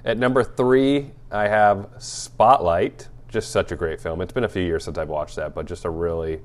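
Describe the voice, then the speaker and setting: Young guy with a really deep voice, laid-back podcast cohost, jokes around and laughs a lot. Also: normal speed. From Atlanta area. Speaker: podcast co-host. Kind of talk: casual movie podcast chat.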